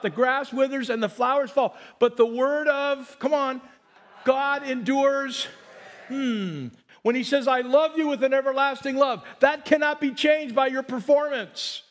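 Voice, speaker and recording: An older man, a pastor, preaching a sermon in an excitable, joking way with his congregation. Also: very high-pitched.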